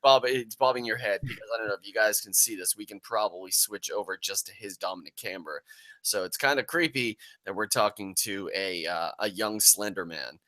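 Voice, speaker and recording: A man hosts a live-stream podcast in a loose, rambling, jokey way. His voice is fairly low but bright and edgy. It is recorded dry on a close mic. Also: a little fast, no room sound. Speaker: podcast host. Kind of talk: casual live-stream chat.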